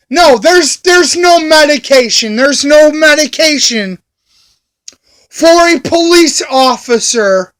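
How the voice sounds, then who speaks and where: A man's voice: very high-pitched, a bit bright. A man telling a story in an angry, indignant rant, repeating the same phrases over and over. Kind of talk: angry ranting monologue.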